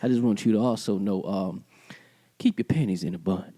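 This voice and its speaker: A man hosting a casual podcast, playfully putting on a smooth late-night radio voice and laughing often. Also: on the low side, animated, moderate pace, dark tone. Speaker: podcast host.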